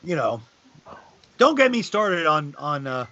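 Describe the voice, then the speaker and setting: A middle-aged man telling animated backstage anecdotes in casual chat, bursting into loud high quoted lines. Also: measured pace. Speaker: guest on a charity live stream. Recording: dull lo-fi stream audio.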